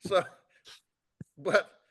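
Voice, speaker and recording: Drawing out his words in a fairly bright tone, a man in his sixties who once played hockey chats casually on a podcast. He rambles through anecdotes, voicing the dialogue himself and frequently chuckling.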